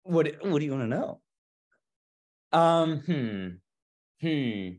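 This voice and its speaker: A man's voice: fairly high pitch, animated, darkish tone. A man, an actor guest on a podcast, chatting casually with many restarts and small laughs. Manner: halting, lots of restarts and laughs. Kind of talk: casual interview chat.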